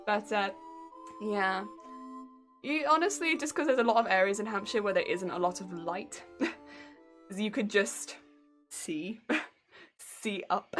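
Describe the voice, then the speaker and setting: A woman's voice: medium pitch, takes it slowly, long pauses, fairly bright tone, soft background music. A young British woman streaming from home, chatting casually with her viewers in a giggly, talkative way. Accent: British English. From England. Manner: giggly and chatty, reacting to chat. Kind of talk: casual live-stream chat.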